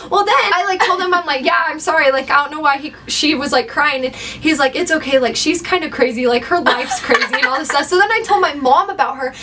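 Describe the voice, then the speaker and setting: A young woman vlogger casually telling a work story, animated and acting out what people said. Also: very high-pitched. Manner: animated storyteller, acts out quotes. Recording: slightly distant mic, faint background noise.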